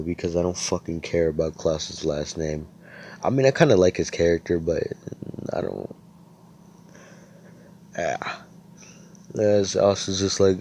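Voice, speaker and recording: Low-voiced young man rambling through a fan story. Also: a little slow, long pauses, a little mellow. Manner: rambling, profane, filler-heavy. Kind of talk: casual fan-fiction storytelling. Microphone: computer headset or desk mic.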